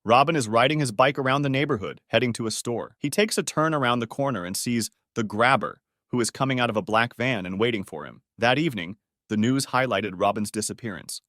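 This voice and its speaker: A man narrating a film plot in a steady, scripted retelling. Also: mid-range voice, fairly quick, no room sound, clean studio sound. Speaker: movie recap narrator.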